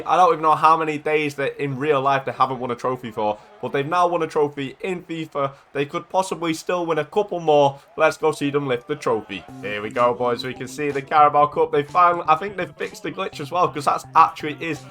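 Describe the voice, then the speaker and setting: A man talks through his football video game match in a casual, chatty way. His voice sits slightly high, and he gets loud and excited whenever a goal goes in. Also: fairly quick, hardly any pauses. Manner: excitable, chatty, shouts at goals. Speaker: gaming YouTuber. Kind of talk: casual gameplay commentary.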